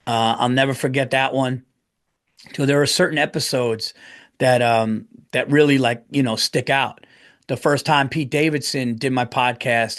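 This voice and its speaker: A man hosting his own podcast, talking alone in a rambling, profane way that swings into loud rants. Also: mid-range voice. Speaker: podcast host. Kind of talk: casual solo podcast monologue.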